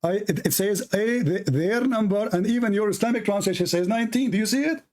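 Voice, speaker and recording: A man with a high-pitched voice runs a heated call-in debate. He presses the caller, repeats the same question and cuts in over him. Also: fast talker, darkish tone. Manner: interrogating, repeats questions, interrupts. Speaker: show host.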